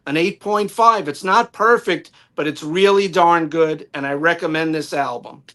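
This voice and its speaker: A man's voice: on the high side, normal speed, a bit bright, a little hiss or hum. A man with a New York accent presenting a prepared album review from his notes on a live-stream panel, detailed and enthusiastic.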